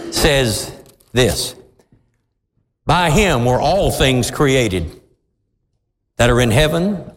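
A man preaching a sermon in a church, with fervent, drawn-out emphatic phrases. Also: mid-range voice. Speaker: pastor. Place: church sanctuary with congregation responses. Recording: long church reverb.

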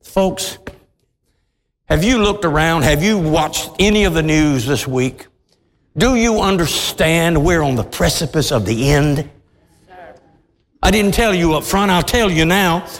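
A man preaching a sermon as pastor of his church, impassioned, swinging from low intensity to loud outbursts. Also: animated, measured pace, long pauses, big-room sound. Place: large church hall.

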